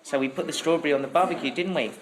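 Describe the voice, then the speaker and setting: A father gently coaxing and calming his small child at home. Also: on the high side, racing. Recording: noisy home recording.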